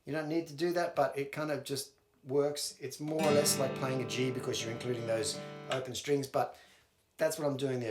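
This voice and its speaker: A man's voice: mid-range voice, steady tone, normal speed. A man teaching a guitar song step by step, counting and singing the strum rhythms aloud as he plays. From Australia. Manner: counts and sings rhythms aloud while playing. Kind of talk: instructional walkthrough. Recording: roomy sound with loud guitar playing.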